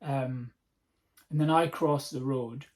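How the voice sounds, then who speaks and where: A Scottish man hosting a podcast, telling a comic story in a sweary, animated, rambling way. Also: mid-range voice, slow pace. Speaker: podcast host. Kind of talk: comedic storytelling monologue.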